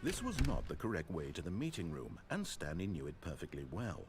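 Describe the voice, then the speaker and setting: A man voicing a dry male game narrator, speaking in a measured, wry and sardonic way. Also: low voice, wildly swooping pitch, noisy background, exaggerated voice.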